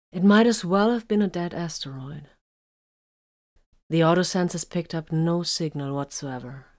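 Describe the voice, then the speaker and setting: A woman reading a science fiction story aloud in an even, measured narration. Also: low-pitched. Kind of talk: scripted narration of sci-fi fiction.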